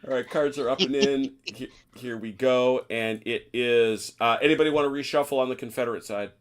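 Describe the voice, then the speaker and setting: A man running a tabletop wargame as game master, relaxed and guiding players through the rules. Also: medium pitch, brisk, soft background music.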